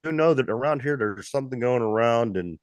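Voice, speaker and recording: A man's voice: medium pitch, fairly quick, clean tone, no echo, dull audio. A man with a Pittsburgh accent co-hosting a casual sports podcast, recovering from illness and repeating words as he talks. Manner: animated, repeats words while talking. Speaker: podcast co-host.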